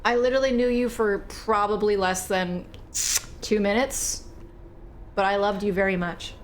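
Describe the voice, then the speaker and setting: A woman streamer giving casual, animated commentary while playing a horror game, swearing, laughing and chatting with viewers. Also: medium pitch, normal speed, slight background noise.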